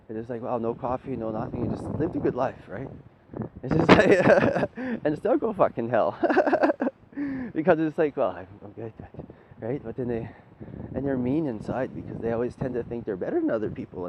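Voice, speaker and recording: A man talking in a loose, rambling spiritual monologue, swearing freely and asking "right?" again and again. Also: medium pitch. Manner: loose, profane, keeps asking "right?", laughs often. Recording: dull lo-fi audio with faint noise.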